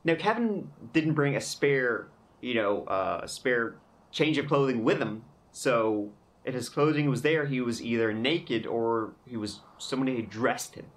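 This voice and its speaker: A man's voice: medium pitch, animated, measured pace. Man narrating true crime casually. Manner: conversational, wry asides. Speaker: true crime podcast host.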